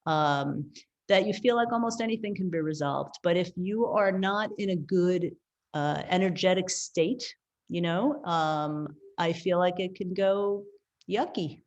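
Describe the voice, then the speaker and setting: A woman's voice: fairly low pitch, unhurried, darkish tone, lo-fi sound. A woman co-host talking in a reflective, earnest way in casual chat.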